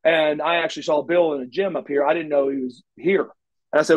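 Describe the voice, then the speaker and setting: Fast-talking with fairly even intonation, this middle-aged former wrestler from Oklahoma, USA, has a higher-pitched voice heard through dull audio. As a shoot interview guest he rambles through backstage stories, restarting often and using salty language.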